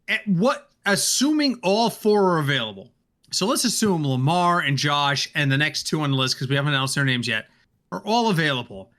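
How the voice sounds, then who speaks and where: A man hosting a casual sports podcast, steering the talk with questions in an animated way. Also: fairly high pitch, normal speed. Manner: animated, leads the discussion with questions. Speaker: podcast host. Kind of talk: casual fantasy football chat.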